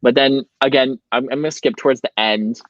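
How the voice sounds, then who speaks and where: A man's voice: medium pitch, fairly even intonation, fairly quick, no echo. Man host, book club stream, tipsy and emotional, dull dry mic sound. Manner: emotional, reads quotes aloud tearfully. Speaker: show host. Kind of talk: casual book club livestream.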